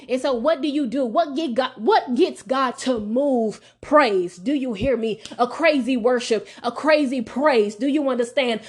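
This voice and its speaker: A high-pitched woman speaks, hosting her podcast in a faith-filled motivational monologue. She repeats lines over and over and asks again and again whether you hear her. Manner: preachy, repetitive call-and-response exhortation. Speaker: podcast host.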